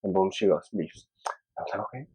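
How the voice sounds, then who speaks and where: Young man from Peru, podcast guest, lively storyteller who mimics others, dry dull recording. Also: sits low, fast talker, breathy edge, no echo. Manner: animated, acts out quoted voices. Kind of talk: casual storytelling.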